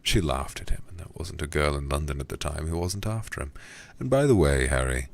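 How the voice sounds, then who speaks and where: A man's voice: extremely low pitch, lively intonation, a little fast. A man putting on a grumbling old English lord. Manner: blustering, gossipy and complaining. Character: gruff, grumbling old English lord, a young man's uncle. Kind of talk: whispered role-play.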